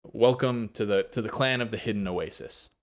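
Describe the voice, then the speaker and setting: A man's voice: on the low side, normal speed, close to an everyday voice. A man voicing a suspicious cat-folk clan leader who speaks in a guarded way.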